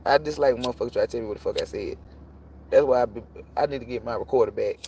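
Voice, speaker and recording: A man reading tarot on a live stream, ranting casually and profanely, rambling and cutting himself off, jumping between loud bursts and low muttering. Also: rapid-fire, slight background noise. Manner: profane, rambling, self-interrupting; animated, jumps between shouting and muttering.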